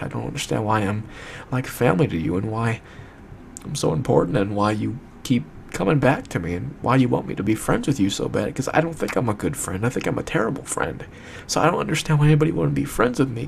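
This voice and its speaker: A young man speaking straight to the camera in an emotional monologue, distraught and fighting back tears, halting and repetitive, swearing as he searches for words. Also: medium pitch, vocal fry, a little hiss or hum. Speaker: video maker addressing a friend.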